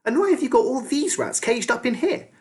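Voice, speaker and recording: A man voicing a haughty, bossy girl in a high, indignant voice. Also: very animated, fairly quick. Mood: accusing.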